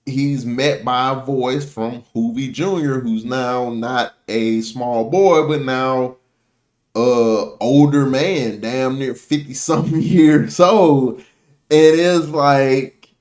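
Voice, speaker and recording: A man's voice: medium pitch, steady tone, slow pace, a little mellow. A man hosting a reaction video, recapping an episode in casual, profane slang and acting out the characters' lines.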